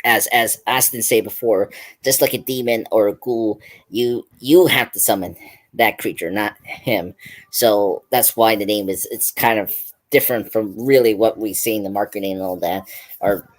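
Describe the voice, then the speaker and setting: A man's voice: lowish voice, fairly even intonation, moderate pace. A man hosting a pop culture stream, retelling a film's scenes in a loose, rambling way with lots of "like" and restarts. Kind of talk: casual film review chat.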